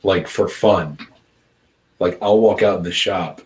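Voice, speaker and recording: Laid-back low-voiced man chatting casually. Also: measured pace. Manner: laid-back, chatty, lots of fillers and laughter. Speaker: podcast co-host. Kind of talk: casual chat.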